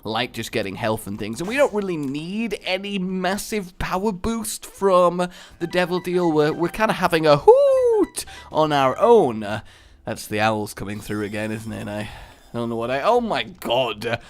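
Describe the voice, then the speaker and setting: A man's voice: on the high side, very animated, measured pace. Man rambling through playful game commentary. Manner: rambling, playful tangents and jokes; frequent stammered restarts. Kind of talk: casual gameplay commentary.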